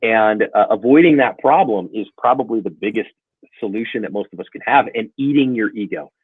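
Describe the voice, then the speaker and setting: A middle-aged man appears as a guest on a self-defense channel, telling stories briskly in a casual interview and animatedly acting out the dialogue. His lowish voice has a breathy edge. The line sounds tinny and phone-like, dry with no echo.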